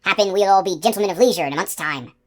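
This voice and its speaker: A woman voicing a gruff giant male outlaw who talks in a broad country dialect. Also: medium pitch, very fast, close to an everyday voice. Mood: blunt.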